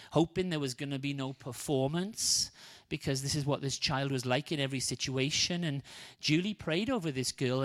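Male preacher, mid-range voice, storytelling sermon that acts out each person. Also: medium pitch. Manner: animated, acts out the quoted people. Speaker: guest preacher.

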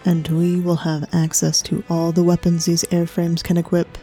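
A woman voicing a proud, wounded male duelist pilot who speaks in a low, haughty tone. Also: completely flat delivery, moderate pace, dark tone, soft background music, close to an everyday voice. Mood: cold, haughty.

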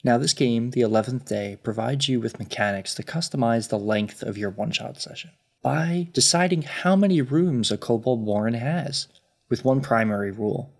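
Man, mid-pitch, game master narrating casually. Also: normal speed. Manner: relaxed, chatty narration.

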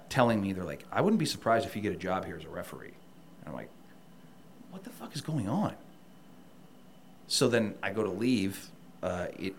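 Animated, profane man telling a story. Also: lowish voice, a little hiss or hum. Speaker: podcast guest, wrestler. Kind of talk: casual storytelling.

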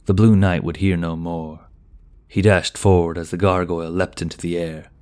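A man narrating a fantasy audiobook in a slow, even, measured way. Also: low-pitched.

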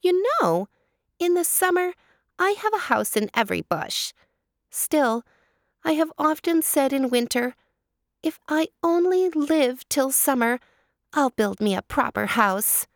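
A woman's voice: expressive, a little slow, no room sound, studio quality. A woman voicing a flighty, chatty female hare in a storybook reading. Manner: high and chattering.

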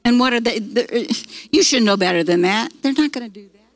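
Lady teaching church folks, higher voice, kinda rambly, dry close sound. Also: animated, brisk, no room sound, soft background music, low-quality recording. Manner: folksy storytelling with many fillers and restarts. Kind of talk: teaching a church prayer class.

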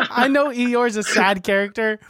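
A man's voice: very high voice, very animated, slow, sharp tone, dry recording. A man co-hosting a casual remote podcast chat, teasing and laughing often. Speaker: podcast co-host. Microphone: remote recording.

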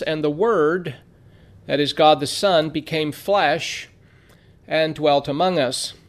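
A man teaching a theology lesson in a measured way, reading scripture aloud with frequent "uh" fillers. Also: fairly high pitch. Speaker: Bible teacher. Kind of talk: theology lecture.

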